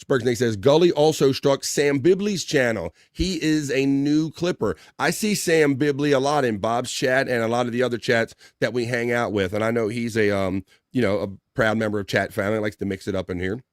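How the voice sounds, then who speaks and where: A man hosting a casual livestream talk show, reading out viewer comments in a relaxed, rambling way with lots of fillers. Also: mid-range voice, fairly quick, few pauses, no room sound, studio quality.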